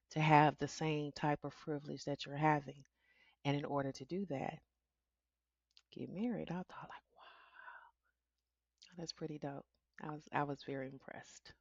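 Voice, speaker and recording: A woman's voice: sits low, dry recording, highs cut off. A middle-aged woman hosting a solo podcast, talking candidly and chatting with frequent laughs. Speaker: podcast host. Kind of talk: casual solo podcast talk.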